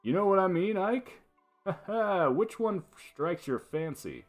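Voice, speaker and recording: A man's voice: high voice, lively intonation, measured pace, voice pushed up. A playful, flirty knight, as a man reads him, with his voice swooping up and down as he teases. Game music plays faintly underneath. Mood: teasing. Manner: teasing, playful.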